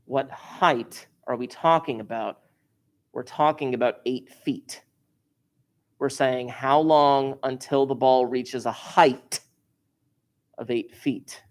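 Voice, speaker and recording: A man teaching a math lesson to a class, explaining step by step with wry, joking asides. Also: mid-range voice.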